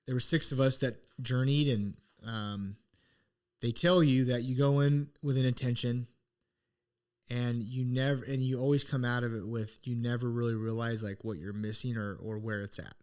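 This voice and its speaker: Middle-aged man, podcast co-host, casual storytelling, earnest, reflective, mid-pitched voice. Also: fairly even intonation, normal speed, a little mellow, clear, resonant tone. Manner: earnest, reflective, full of restarts.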